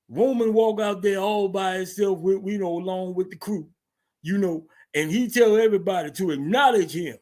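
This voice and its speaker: A man with a notably high-pitched voice hosts a casual wrestling recap. He tells it as loose, slangy storytelling, swearing freely and chuckling along the way. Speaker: host.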